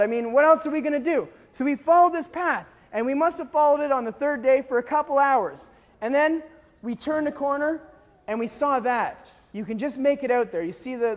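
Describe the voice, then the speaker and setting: A man from Canada telling a dramatic personal story to a live audience, acting out voices and shouts as he goes. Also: extremely high pitch, long reverb tail. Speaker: speaker telling a mission story.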